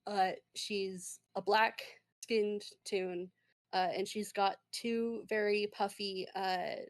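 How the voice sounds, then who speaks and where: A woman's voice: mid-range voice, little pitch movement, slow. A woman narrating a tabletop game as game master, meandering and full of fillers.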